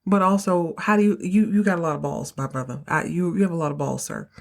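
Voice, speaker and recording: Female podcast host, lower register, chatty slangy recapper with strong opinions. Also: fast, creaky. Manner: animated, opinionated, slangy storyteller. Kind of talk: casual episode recap.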